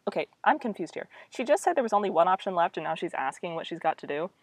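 Young woman, low-ish voice, reads her old novel with wry side comments, dry close sound. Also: sing-song, quick pace, hardly any pauses, no room sound. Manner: wry, self-mocking asides. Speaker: author reading her old story. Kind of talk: reading aloud with casual commentary.

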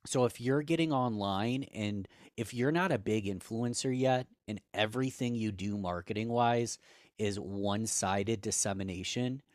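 Slightly low guy, a bit hoarse, punchy coaching talk, dry close mic. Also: normal speed, dry recording. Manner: energetic, emphatic coaching tone. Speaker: podcast guest. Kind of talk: conversational advice.

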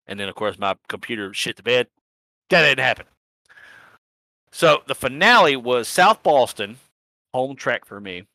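A man's voice: medium pitch, lively intonation, a little slow, pauses often, bright, forceful tone, no echo. A man recapping a sim racing season in a casual, rambling chat, swearing freely and laughing at himself. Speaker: sim racing league organizer and podcast host.

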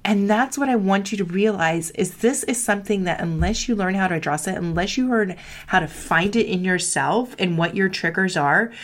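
A woman's voice: medium pitch, normal speed. A middle-aged woman who coaches marketing students, speaking candidly in a heartfelt motivational talk, with a lot of "like" in her speech. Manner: candid, confessional, frequent "like", acts out quoted voices.

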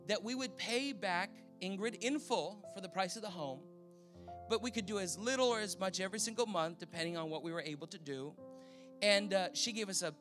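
A Canadian man preaching, telling a testimony in a lively storytelling manner and acting out the people he quotes. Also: high-pitched. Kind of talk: sermon testimony.

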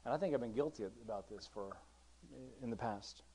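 A man's voice: fairly low pitch, normal speed, breathy edge. A man preaching as pastor, talking conversationally with many restarts, rising to emphatic points and reading old-style scripture. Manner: conversational, with frequent restarts and swings from quiet to emphatic; reads scripture in King James wording. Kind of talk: sermon.

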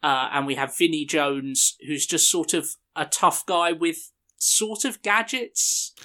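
A man's voice: a little high, expressive, takes it slowly, sharp tone. Hesitant man recapping a movie plot. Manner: hesitant, fills with "um" and "uh". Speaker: podcast co-host recapping the plot. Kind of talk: casual plot summary.

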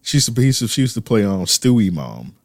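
Low-voiced man in loose slangy chat. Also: big pitch swings, quick pace, no room sound. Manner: loose, laid-back banter with heavy slang. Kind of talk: casual chat.

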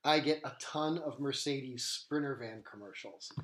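A man's voice: mid-range voice, unhurried, fairly bright tone. A man hosting a podcast in casual chat, asking curious follow-up questions. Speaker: podcast host. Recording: roomy echo.

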